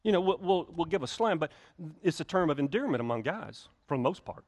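A man's voice: a little high, animated, brisk. A male pastor, preaching a conversational sermon to his church with frequent restarts and acted-out quotes. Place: church sanctuary.

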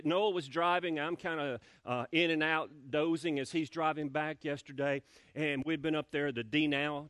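A man's voice: a little high, fairly bright tone, no echo, clean studio sound. A male pastor preaching a sermon in a church, talking conversationally, repeating words and asking the congregation questions. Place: church sanctuary.

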